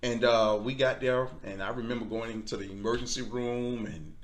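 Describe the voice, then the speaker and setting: A man's voice: mid-range voice, normal speed, crowd noise. A man telling a personal faith testimony, acting out other people's voices and laughing often. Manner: animated, acts out quoted voices, laughs often. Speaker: guest. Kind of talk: storytelling testimony.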